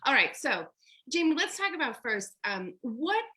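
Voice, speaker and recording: A woman's voice: sits high, big pitch swings, moderate pace, bright, forceful tone. Bubbly, gushing woman host. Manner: bubbly, gushing, laughs a lot. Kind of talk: casual interview over video.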